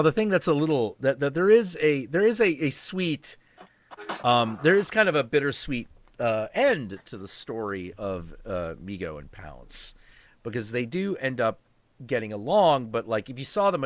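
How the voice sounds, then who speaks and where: A man hosting a stream, telling a story in a casual, animated, profane and rambling way. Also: mid-range voice, moderate pace, no room sound.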